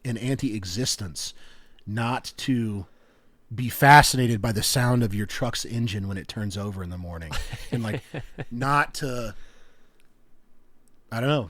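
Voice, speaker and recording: A young man talks on a casual podcast, winding through his thoughts with many fillers and restarts. His voice sits at an ordinary middle pitch. It is recorded dry and close, with no room sound. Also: no echo. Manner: rambling, animated storyteller with many fillers. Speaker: podcast co-host. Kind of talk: casual chat.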